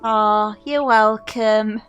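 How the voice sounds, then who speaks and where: A woman's voice: mid-range voice, steady tone, extremely slow, a bit bright, highs cut off, faint music behind. A woman streaming a game live, reacting emotionally and exclaiming at the screen, teary and near crying.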